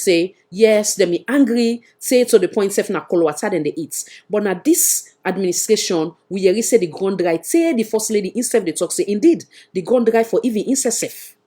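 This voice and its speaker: A woman's voice: mid-range voice, lively intonation, a little fast, few pauses, warm tone, breathy edge. A woman with a Sierra Leonean accent hosting a live panel discussion, pressing her guest with repeated questions. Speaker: talk show host.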